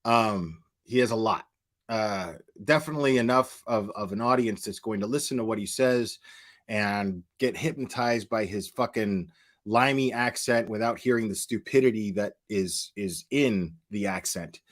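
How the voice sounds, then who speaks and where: A man's voice: fairly low pitch, normal speed. An American man hosting a livestream commentary, ranting crudely with lots of profanity and reading out super chats. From United States. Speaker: commentary channel host.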